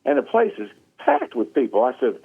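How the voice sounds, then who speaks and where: A man telling a funny story in a casual chat, animated and laughing often, acting out the quotes. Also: high-pitched, brisk, creaky, husky, phone-quality sound. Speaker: guest.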